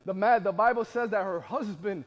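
A man preaching a sermon, building from quiet asides to shouted peaks and acting out the voices of biblical people in casual modern speech. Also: high-pitched, moderate pace, dull audio. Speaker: pastor.

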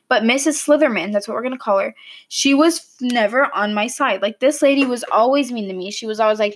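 A woman's voice: fairly high pitch, moderate pace. A young woman hosting her new podcast, telling a personal story in a chatty, rambling way, full of likes and ums. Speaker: podcast host. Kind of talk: casual storytelling monologue.

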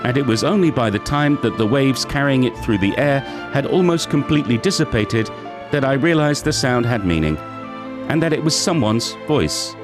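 A man reads as a newly awakened android, confused and taking in everything around it. The delivery is measured and deliberate, with a lively rise and fall in pitch. Music plays clearly underneath. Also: lightly acted. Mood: bewildered. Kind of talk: reading a short story aloud.

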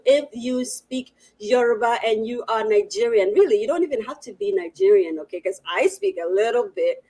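A woman's voice: a little high, normal speed, hardly any pauses. A woman hosting a live online show, effusively greeting viewers and reading the chat in a playful, laughing manner. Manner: warm greeting of viewers in many languages. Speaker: host of an online storytelling show.

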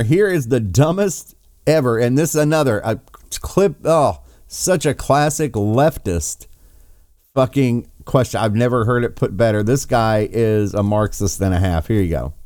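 A man's voice: a little high, darkish tone, no room sound, studio quality. A man commenting on trial clips in a mocking, profane, sarcastic way. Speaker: political commentator.

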